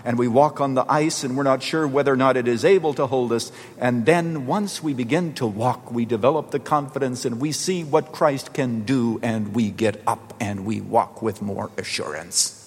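A man delivers a sermon as pastor, speaking earnestly and slowing down to stress key words. His voice carries the long tail of a large hall. His pitch sits in the middle range. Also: breathy edge. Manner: earnest storytelling, slowing for emphasis. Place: church.

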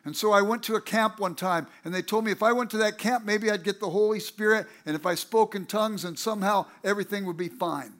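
A man preaching a sermon, telling his own story in a conversational way with lively asides. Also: high-pitched, quick pace, hardly any pauses. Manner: animated, acts out quoted people with a raised voice; conversational, self-correcting asides.

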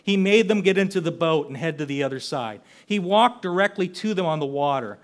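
Older male preacher, slightly high voice, earnest conversational sermon delivery. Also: expressive, fairly quick. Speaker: pastor.

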